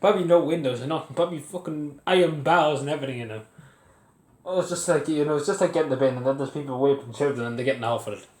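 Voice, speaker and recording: Fast and a little mellow, the young Irish man's voice sits on the high side as he rants furiously to his camera at home. He swears and laughs bitterly at what he reports. The phone or camera, set on its side, picks up an echoey room.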